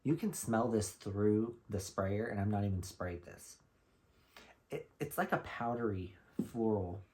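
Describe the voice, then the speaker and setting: A man from Florida telling a lively, gossipy shopping story in a casual vlog, with blunt slang. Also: lowish voice, measured pace. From Florida, USA. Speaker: vlogger.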